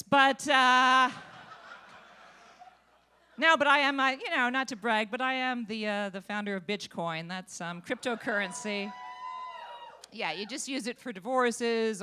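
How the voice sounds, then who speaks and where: A woman doing stand-up in a comedy club, with a high voice that cuts through. Her delivery is brash and bawdy, with a teasing edge aimed at the crowd. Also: pushed and bright.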